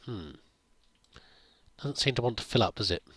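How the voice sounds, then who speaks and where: A man's voice: medium pitch, animated, moderate pace, a bit bright, slightly rough, dry recording. A man giving casual gameplay commentary, chatting to himself and laughing at his own mistakes. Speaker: gameplay video host.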